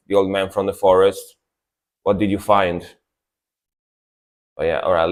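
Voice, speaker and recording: A man talks casually to his stream viewers in a somewhat low voice. He sounds sleepy, as if he just woke up, and rambles along, repeating words with plenty of fillers. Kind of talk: casual livestream chat.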